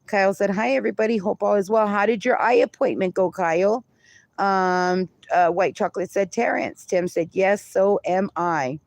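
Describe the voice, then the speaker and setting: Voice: medium pitch, normal speed, vocal fry, no echo. A livestreamer in casual chat who reads viewer comments aloud and laughs often.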